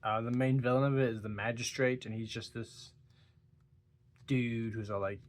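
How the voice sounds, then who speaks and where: In a casual book-talk vlog, a yawning, tired young reviewer rambles about a book, stumbling and giggling along the way. He has a mid-range voice with fairly even intonation and a moderate pace.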